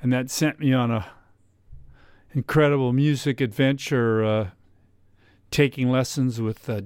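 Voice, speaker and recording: A man, a jazz guitarist and podcast host from Southern California, telling a long anecdote in a casual interview, with many pauses and quoted dialogue. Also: mid-range voice, clear, resonant tone, no echo, studio quality. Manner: rambling anecdote with many uhs, quoting others.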